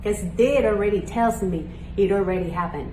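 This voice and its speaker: A woman whose first language is Spanish, teaching English with clear, deliberate examples. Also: mid-range voice. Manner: slow, clear teaching delivery with demonstration examples. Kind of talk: bilingual language lesson. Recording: echoey room with noticeable background noise.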